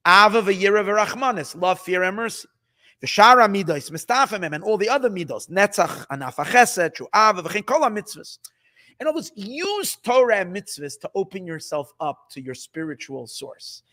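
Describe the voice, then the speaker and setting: Casting note: excitable male rabbi in a Torah class, high voice that swoops up and down. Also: moderate pace. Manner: excitable, emphatic, mixes Hebrew and Yiddish terms, repeats phrases. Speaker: rabbi teaching Hasidic text. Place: study hall.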